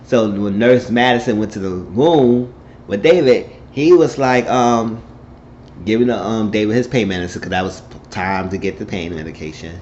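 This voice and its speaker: A man's voice: fairly low pitch, moderate pace, a little mellow, lo-fi sound, a little hiss or hum. A man casually recapping a TV episode, rambling along and acting out the characters' lines as he tells it. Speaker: show recap vlogger.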